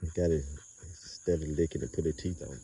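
A man's voice: rumbling low, steady tone, a little fast, dark tone, far from the mic, slight background noise. A man breeding dogs, talking loosely in rambling street slang and filming his yard on a phone. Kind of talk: casual outdoor vlog narration.

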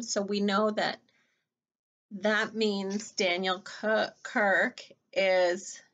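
Woman teacher, storybook read-aloud, slow and gentle, lo-fi sound. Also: medium pitch. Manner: gentle, chatty, explaining to children.

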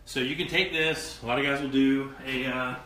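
A man hosting a live cooking show, talking in an animated, emphatic, joking way while he cooks. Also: medium pitch, moderate pace, roomy sound, a little hiss or hum. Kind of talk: live cooking demo chat.

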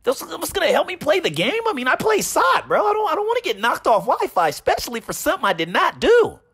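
A man putting on a higher, exasperated voice as an indignant young male gamer. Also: huge pitch swings, quick pace, creaky, a bit bright, heavily acted.

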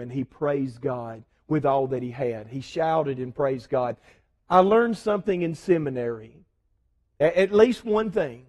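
A man preaching a sermon as pastor, swinging between loud fervor and soft asides. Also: fairly high pitch. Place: church sanctuary.

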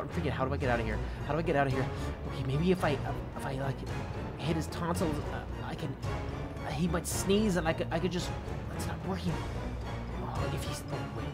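A woman hosting a Minecraft adventure and telling it in the first person, her pitch swinging all over the place. She stammers and restarts as she talks, calling out to the viewers as guys. Music plays clearly underneath her. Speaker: Minecraft adventure channel host. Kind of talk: first-person game role-play narration. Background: background music.

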